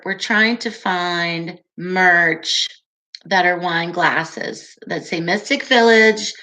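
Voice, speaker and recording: A woman in her forties hosts a casual livestream in a lowish, bright, forceful voice. She chats and reads viewer comments aloud, laughing frequently.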